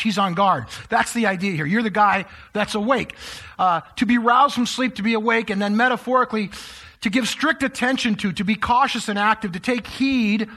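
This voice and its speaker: A man's voice: sits high, pushed and bright. A man preaching a sermon to a live congregation in a church, speaking conversationally and addressing the listeners directly. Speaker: pastor.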